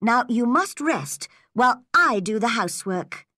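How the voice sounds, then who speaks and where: A woman reading a storybook and voicing an eager, excitable teenage girl, her voice jumping high. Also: measured pace, no echo, studio quality, full character voice. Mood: earnest.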